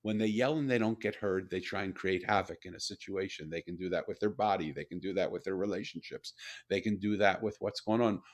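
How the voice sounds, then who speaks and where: An older man telling a personal story in a conversational interview, animated and repeating words as he builds his point. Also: sits low, brisk. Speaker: guest, author and CEO.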